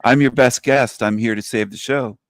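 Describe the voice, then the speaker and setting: A man's voice: mid-range voice, fairly even intonation, moderate pace. A man calling in to a live stream. His tone is mock-pompous and trolling. The sound is dry and close, with no room echo. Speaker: call-in guest. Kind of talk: casual live-stream chat.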